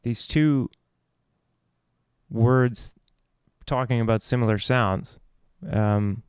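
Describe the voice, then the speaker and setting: A man's voice: on the low side, fairly even intonation, takes it slowly, long pauses, clear, resonant tone, no echo, clean studio sound. A man hosting a casual video chat about singing, rambling and restarting his thoughts. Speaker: host.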